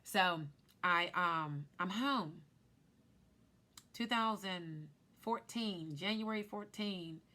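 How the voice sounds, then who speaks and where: A woman in her thirties tells a personal story on a vlog, animated and lively, acting out what people said. Her voice is bright and forward, with a clear, ringing edge. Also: lowish voice, drawn-out words. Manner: animated storyteller who acts out quotes. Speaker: life insurance agent.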